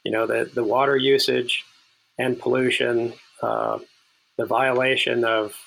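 A man's voice: mid-range voice, little pitch movement, unhurried, vocal fry, fairly bright tone, low-quality recording. A man being interviewed as a policy analyst on a podcast, speaking earnestly with frequent restarts and repeated words.

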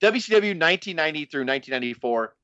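A man's voice: on the high side, lively intonation, racing, sharp tone, dry recording, dull audio. A man co-hosting a casual wrestling podcast, profane and laughing, ranting and slipping into mocking voices. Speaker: podcast co-host.

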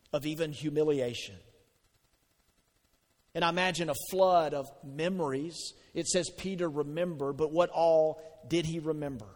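A man preaching a sermon as pastor, conversational and animated, asking the congregation questions. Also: a little high. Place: church sanctuary. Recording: long hall reverb.

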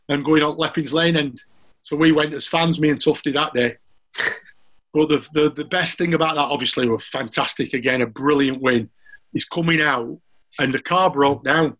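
A middle-aged Yorkshire man with a bright, fairly high voice, talking as a guest in a loose, anecdotal way. He laughs easily and keeps stopping and restarting his sentences as he tells a story. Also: low-quality recording. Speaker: former footballer guest. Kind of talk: casual anecdotal chat.

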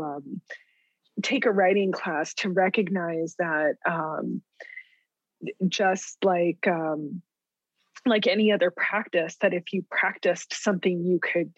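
Middle-aged woman from new mexico, reflective, lots of ums, lowish voice, dry dull sound. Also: slightly rough, no room sound. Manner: thoughtful, many ums and restarts, laughs lightly. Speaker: writer, interview guest. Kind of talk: reflective interview storytelling. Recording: dull lo-fi close recording.

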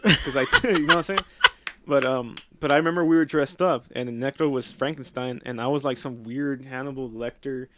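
A man's voice: mid-range voice, a little fast, a bit bright, slight background noise. A man telling a story in casual chat, laughing often, swearing freely and dropping in Spanish slang.

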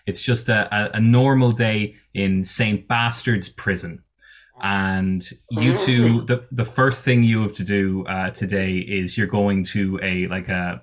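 A man running a tabletop role-playing game as game master, narrating in a rambling way full of fillers and restarts. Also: deep voice. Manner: rambling, laughs often, many fillers.

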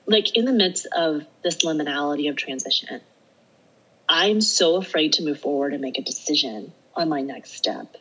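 Low husky middle-aged woman telling a story. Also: low-quality recording. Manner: animated, acts out her own self-talk; laughs often while talking. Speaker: podcast guest. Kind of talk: casual storytelling conversation.

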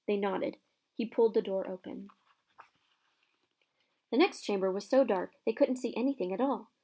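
Woman reading a kids fantasy book out loud, expressive, does the voices. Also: medium pitch, moderate pace. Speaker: narrator. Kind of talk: reading a children's fantasy novel aloud.

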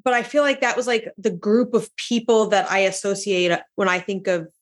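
A woman's voice: medium pitch, fairly even intonation, moderate pace. A woman comedian, a guest on a podcast, talking casually in a wry, self-mocking way. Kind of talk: casual interview chat.

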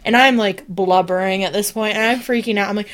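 Sniffling and coughing from illness, a young adult woman co-hosts a comedy podcast. Her voice is medium-pitched and a little fast, and she tells an animated, casual story, performing the quoted voices.

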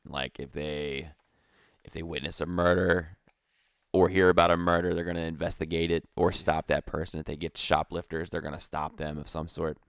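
A man with a very low voice chats casually on a podcast, rambling and calling his co-host dude. The sound is dry and close. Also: little pitch movement, moderate pace, clean tone, no echo. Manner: rambling, peppers talk with dude. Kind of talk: casual comedic chat.

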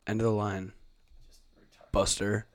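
A man's voice: on the low side, little pitch movement, slow. A young man telling a rambling, profane bar story in casual chat. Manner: rambling, profane, trailing asides. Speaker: podcast co-host, bartender.

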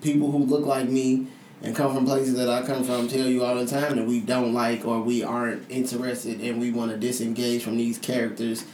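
A man's voice: medium pitch, little pitch movement, moderate pace, a little mellow. A man co-hosting a podcast in casual chat, talking loosely and profanely as he rants. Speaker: podcast co-host. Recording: echoey room, mic at a distance, faint noise.

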